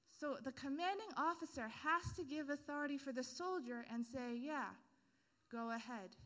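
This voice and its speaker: Woman preacher, casual sermon, humorous analogies, high voice, bright tone.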